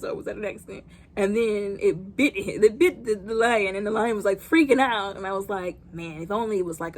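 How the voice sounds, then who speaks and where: A woman, recapping a movie in a chatty, animated way, often exclaiming. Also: fairly low pitch, slight background noise. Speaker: movie reviewer.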